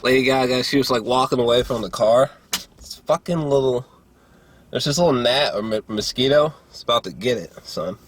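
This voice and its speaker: A young man giving a casual movie review, rambling and profane, with lots of filler words and throat clearing. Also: mid-range voice, a little fast. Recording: faint background noise.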